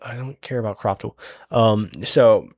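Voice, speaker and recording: A man's voice: lowish voice, fairly even intonation, measured pace, no echo. A young man retelling a book's plot in a rambling, profane, casual way, full of fillers. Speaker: book recap host.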